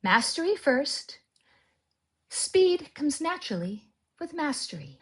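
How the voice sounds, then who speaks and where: A woman giving a calm spoken lesson on narration technique and demonstrating exercises aloud. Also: high voice, unhurried, breathy edge. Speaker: author teaching audiobook narration.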